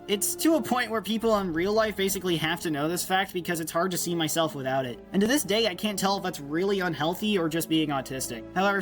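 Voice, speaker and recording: A man's voice: a little high, fairly bright tone. A young man in a casual rambling monologue, enthusiastic, nerdy and self-deprecating. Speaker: YouTuber.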